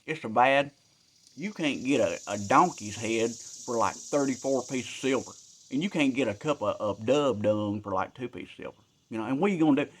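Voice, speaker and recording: A man telling a Bible story in a rambling, joking, colloquial way. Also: medium pitch.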